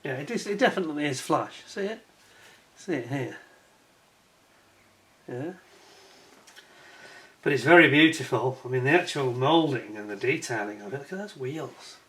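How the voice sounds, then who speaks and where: A man's voice: medium pitch, animated, normal speed, pauses often, bright, forceful tone. A man giving a casual hands-on review of a scale model kit, chatty and admiring, with wry self-mocking asides.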